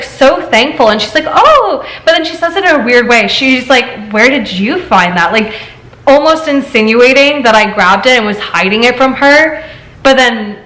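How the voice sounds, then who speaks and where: Woman, talk show host, animated storyteller, higher voice, roomy echo. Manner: animated storyteller, laughs often. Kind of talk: casual chat reading stories. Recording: echoey room.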